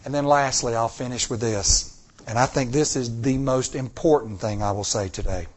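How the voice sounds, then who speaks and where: A man preaching a sermon in an emphatic style, slowing down on key words and calling out to the congregation. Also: medium pitch. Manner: emphatic, slows down on key words, call-and-response. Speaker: pastor.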